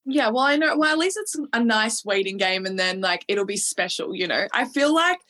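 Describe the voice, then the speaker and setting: A woman's voice: medium pitch, lively intonation, moderate pace, sharp tone. A woman hosting a podcast, asking questions casually and reacting with enthusiasm. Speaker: podcast host. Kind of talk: casual interview chat.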